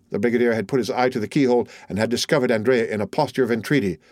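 A man reading a classic novel aloud in a steady, measured way. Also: medium pitch, no echo, studio quality. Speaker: audiobook narrator. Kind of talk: scripted narration.

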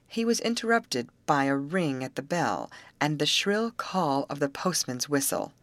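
A woman narrating a novel aloud in a clear, measured audiobook reading. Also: sits low, very animated, no echo. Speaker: audiobook reader. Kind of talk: scripted narration.

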